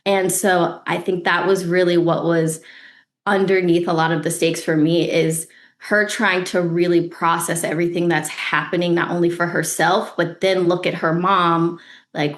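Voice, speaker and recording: A woman, an actress guest on a podcast interview, talking in an earnest, reflective way that turns animated when she retells a story. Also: fairly low pitch, normal speed. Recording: roomy echo.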